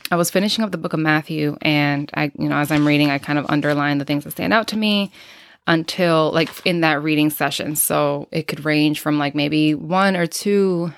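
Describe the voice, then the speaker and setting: A woman's voice: low voice, fairly even intonation, moderate pace, smooth. A woman in her thirties hosting an unscripted podcast, talking reflectively and candidly, thinking aloud with many fillers and restarts, a little out of breath. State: slightly out of breath. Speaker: podcast host.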